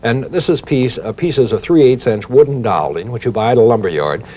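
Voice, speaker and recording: A man's voice: medium pitch, animated, fairly quick, warm tone, poor audio. A middle-aged man hosting a home improvement show, explaining a woodworking project in a chatty, teasing, homespun way. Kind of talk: folksy how-to demonstration. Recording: 1990 VHS tape with faint hiss.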